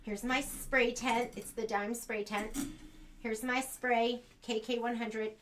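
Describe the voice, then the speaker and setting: A woman's voice: on the high side, level tone, slow, a bit bright, slight background noise. An American woman demonstrating machine embroidery in a sewing shop, chatting casually and thinking aloud as she works.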